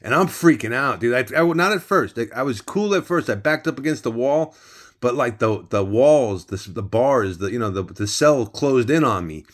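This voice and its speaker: A man's voice: medium pitch, animated, moderate pace. A man casually telling a personal story, rambling with many restarts and some swearing.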